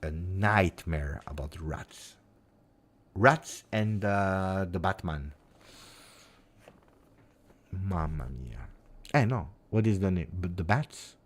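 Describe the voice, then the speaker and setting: Deep-voiced Italian man chatting. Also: slow pace, pauses often. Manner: rambling and expressive, with many fillers. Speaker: football channel host. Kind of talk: casual live-stream chat.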